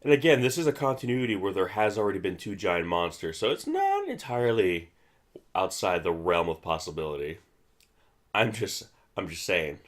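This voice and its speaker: Deep-voiced man rambling through a movie commentary. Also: sing-song, moderate pace. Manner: rambling, many restarts and fillers. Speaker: film commentary host.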